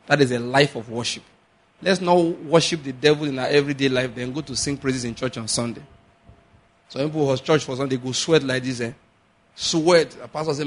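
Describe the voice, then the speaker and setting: A man preaching a sermon, animated, acting out little dialogues and slowing to a measured chant on scripture. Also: medium pitch. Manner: animated, acts out little dialogues and laughs often. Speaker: pastor.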